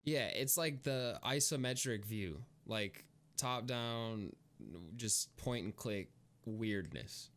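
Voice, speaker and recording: A man's voice: mid-range voice, slow, a bit bright. A young man co-hosting a casual podcast, rambling with lots of fillers and frequent laughter. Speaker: podcast co-host. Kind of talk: casual chat.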